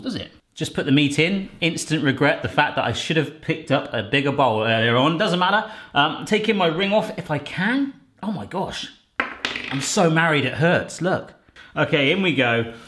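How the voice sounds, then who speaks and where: Jokey man with a lively voice. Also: fairly high pitch. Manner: chatty and jokey, rambling asides. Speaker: cooking vlogger. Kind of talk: casual cooking vlog. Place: home kitchen.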